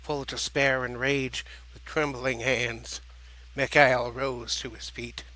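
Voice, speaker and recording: A man narrating an audiobook in a measured, dramatic reading style. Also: medium pitch, level tone, pushed and bright, rough recording.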